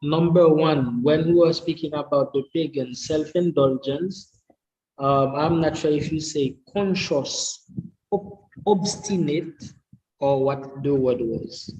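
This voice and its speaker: A man studying to preach, reading his notes aloud and sounding out hard words slowly and carefully, with English not his first language. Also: fairly high pitch, a little mellow, highs cut off. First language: a language other than English. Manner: slow and careful, sounds out and repeats difficult words. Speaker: preaching student.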